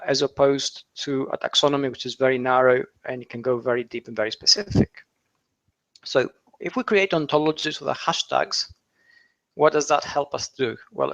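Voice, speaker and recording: A man's voice: medium pitch, vocal fry, fairly bright tone, rough recording. A man explaining online concepts in a talk, with frequent fillers, restarts and rhetorical questions. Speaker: SEO author and speaker.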